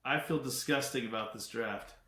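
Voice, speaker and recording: A man's voice: mid-range voice, moderate pace, pushed and bright. A man co-hosting a casual fantasy football chat, joking and echoing the others for laughs. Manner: joking, repeats lines for laughs. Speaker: podcast co-host. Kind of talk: casual live draft chat.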